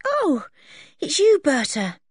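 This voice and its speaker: A woman doing a high, bright young girl. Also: sing-song, normal speed, no room sound, studio quality. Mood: sleepy. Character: young girl, brisk and sensible.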